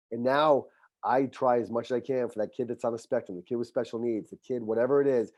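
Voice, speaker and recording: A man's voice: medium pitch, dark tone, no room sound. An older man, a football coach, talking earnestly and motivationally as a podcast guest and acting out his talks with players. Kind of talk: casual podcast conversation.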